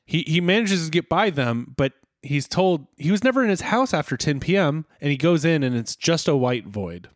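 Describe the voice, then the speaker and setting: A man co-hosting a podcast, recapping an episode in playful, animated chat. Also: a little high, no room sound, studio quality. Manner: animated, playful, quick to laugh. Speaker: podcast co-host.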